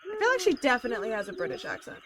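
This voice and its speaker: A woman streaming a game, talking to her viewers in excitable, reactive let's-play commentary. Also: sits high, racing, a little hiss or hum. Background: game music.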